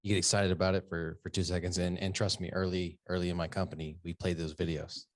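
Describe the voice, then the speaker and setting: A man's voice: sits low, flat delivery, fast, dry recording, studio quality. A man hosting a casual conversation, talking loosely with many fillers like "you know what I mean". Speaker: podcast host, business owner. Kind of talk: casual chat.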